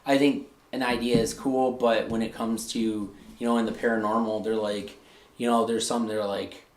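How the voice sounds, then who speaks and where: A man's voice: fairly low pitch, flat delivery, moderate pace. A man hosting a live stream, talking in a rambling, casual way, with many fillers and some swearing. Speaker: host. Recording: echoey room.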